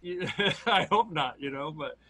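A group leader of a scripture study, chatting casually with lots of "like" and "you know". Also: female voice, deep voice, expressive, unhurried, fairly bright tone, husky. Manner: rambling, many fillers like "you know" and "like".

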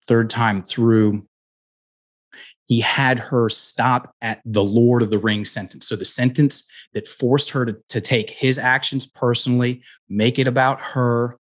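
With a mid-range voice, fairly even intonation and a measured pace, a middle-aged man appearing as a guest coach shares personal stories in a conversational interview. He's earnest and restarts often.

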